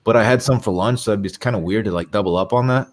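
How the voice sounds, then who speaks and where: A man with a low voice trades jokes with friends on a live show. He laughs often and teases the others in loose, casual banter. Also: fast talker. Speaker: co-host.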